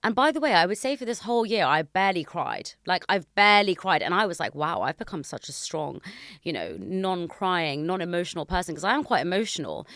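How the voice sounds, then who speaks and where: A woman in her thirties with a low-pitched voice, hosting a podcast in casual conversation. She speaks candidly and reflectively, openly sharing her feelings. The sound is close and dry, with no room around it. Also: lively intonation, a little fast, a bit bright, dry recording. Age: 30s. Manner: candid, reflective, emotional openness. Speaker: podcast host. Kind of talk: casual chat.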